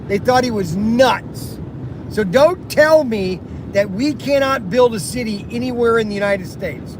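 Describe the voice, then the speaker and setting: A man's voice: very high-pitched, measured pace. A man vlogging from inside his car, talking in a chatty, rambling way with folksy exclamations, recorded on a phone camera. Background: faint road and vehicle noise.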